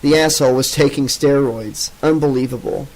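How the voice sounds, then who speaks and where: A man narrating a novel in a steady, even way. His voice sits at a middling pitch and keeps the story moving. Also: normal speed, low-quality recording. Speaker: audiobook narrator. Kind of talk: audiobook narration.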